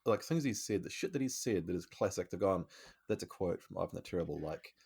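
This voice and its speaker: A man's voice: sits low, animated, fast talker, creaky, darkish tone, breathy edge. A man co-hosting a comedy podcast, joking in a playful way. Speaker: podcast co-host. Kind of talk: casual comedy chat.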